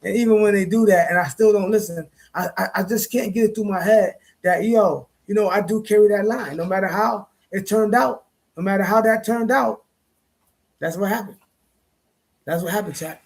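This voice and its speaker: Man, high voice, gravelly, husky, casual livestream talk, emphatic and repetitive. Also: normal speed. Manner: repetitive, emphatic, conversational with slang. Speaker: streamer host.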